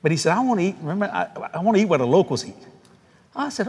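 Lively high-voiced New preacher. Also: male voice, rapid-fire, slightly rough, big-room sound. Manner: animated, laughing storyteller who mimics voices. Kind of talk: storytelling sermon.

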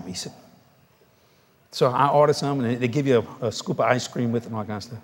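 A man's voice: mid-range voice, fast, long pauses, breathy edge, long reverb tail. A man preaching, telling stories with laughter and mimicking the voices of others. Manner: animated, laughing storyteller who mimics voices. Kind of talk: storytelling sermon.

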